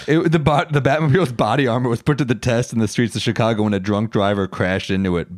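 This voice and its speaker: A man co-hosting a casual chat, relaxed and easygoing, keen when he shares trivia. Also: mid-range voice, no room sound, studio quality. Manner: relaxed and easygoing, enthusiastic when reading out fun facts. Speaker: podcast co-host.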